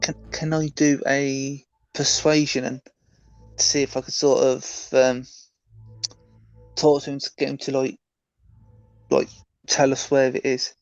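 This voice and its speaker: Male player, hesitant and halting, dry muffled mic. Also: mid-range voice, little pitch movement, vocal fry, dry recording, soft background music. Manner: hesitant, with many fillers and restarts. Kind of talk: casual tabletop play.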